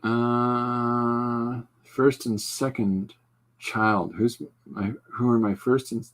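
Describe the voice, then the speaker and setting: A man hosting a podcast, chatting casually while he draws, rambling and breaking off into quick asides. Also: medium pitch, little pitch movement. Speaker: podcast host. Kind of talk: casual chat while drawing.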